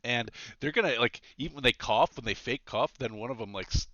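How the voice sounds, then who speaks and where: A man's voice: medium pitch, a little fast, fairly bright tone, dry recording, dull audio. A man running a tabletop game as game master, hesitating with lots of fillers and laughing often.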